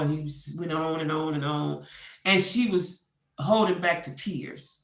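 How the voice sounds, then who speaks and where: A woman's voice: sits low, measured pace, echoey room. A woman doing casual gossip commentary, acting out the quotes as she retells a story. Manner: animated storytelling, acts out quotes.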